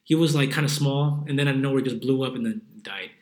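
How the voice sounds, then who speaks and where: Young dude host, talks quick, slangy and swearing, echoey room. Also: male voice, medium pitch, a little mellow. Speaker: podcast host. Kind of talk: casual chat.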